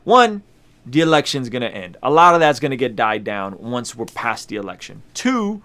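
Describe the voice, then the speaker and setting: A man's voice: medium pitch, big pitch swings, normal speed, a bit bright. A man hosting a casual vlog, talking straight to his viewers, emphatic and repeating lines for effect. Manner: addresses viewers directly, conversational slang. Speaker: YouTube host.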